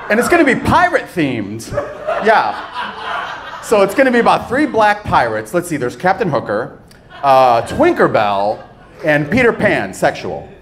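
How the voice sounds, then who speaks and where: A man performs stand-up in a club. His voice sits a little high and swoops a lot as he plays each line for effect. The live recording carries clear background noise. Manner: animated, playful delivery with pauses for laughs. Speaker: stand-up comedian. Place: comedy club stage.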